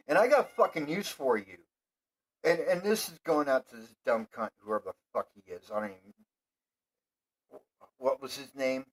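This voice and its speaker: A man hosting his own show, delivering a profane, rambling monologue that swears constantly and flares into heated yelling. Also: mid-range voice, slightly rough, poor audio.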